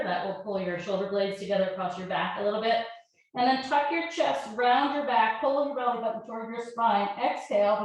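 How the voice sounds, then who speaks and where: A woman yoga teacher calmly talking a class through breaths and poses, with gentle step-by-step cues. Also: a little high. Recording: very echoey room.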